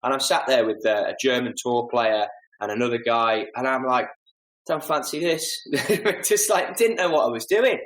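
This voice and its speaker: A man, a podcast guest telling animated, self-deprecating stories and acting out little asides. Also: mid-range voice, moderate pace, roomy sound, low-quality recording. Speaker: podcast guest, golf club fitter. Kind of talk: casual storytelling interview.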